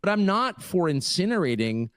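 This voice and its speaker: Emphatic middle-aged man, lively pitch. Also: moderate pace, faint music behind. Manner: emphatic, moralizing. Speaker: political commentator in a played clip. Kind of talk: interview talk.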